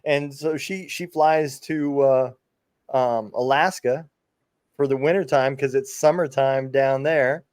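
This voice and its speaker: A man's voice: mid-range voice, steady tone, slow pace, darkish tone, no echo, studio quality. A man hosting a podcast, chatting casually and easily agreeing with his guest. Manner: easygoing, agreeable listener. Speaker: podcast host. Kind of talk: casual interview chat.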